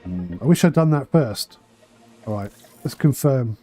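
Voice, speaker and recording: Man on a game stream, mellow voice, dry asides, slight throat tickle, faint music behind. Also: mid-range voice, lively intonation, measured pace. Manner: thinks aloud while playing, dry asides. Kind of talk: casual charity livestream commentary.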